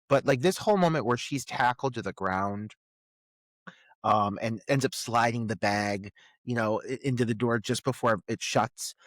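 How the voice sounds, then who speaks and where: A man's voice: medium pitch, no room sound, clean studio sound. A man co-hosting a film podcast, giving thoughtful, analytical commentary in casual chat with frequent filler words. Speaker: podcast co-host.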